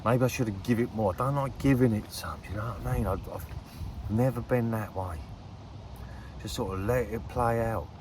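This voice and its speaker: A man's voice: fairly low pitch, a little fast, a little mellow, slight background noise. A man chatting casually to camera while fishing outdoors by a lake, rambling, swearing freely and laughing often. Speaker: angler vlogger.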